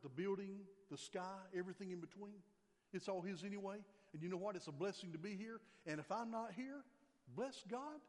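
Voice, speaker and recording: An older pastor man preaching in a slightly high voice, pressing his points by repeating them. His voice rings with a long hall reverb, as in a church sanctuary. He sinks low and quiet when he reads scripture. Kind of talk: sermon.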